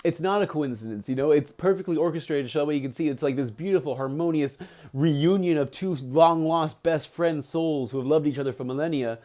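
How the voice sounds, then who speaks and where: A young man with a slightly raised pitch recaps a book chapter for his livestream. He talks casually with lots of "he's like", and his voice leaps up when he acts out the dialogue. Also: a little fast. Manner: animated, excitable, acts out quotes with big pitch jumps; many fillers like "he's like". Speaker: streamer reading a book aloud.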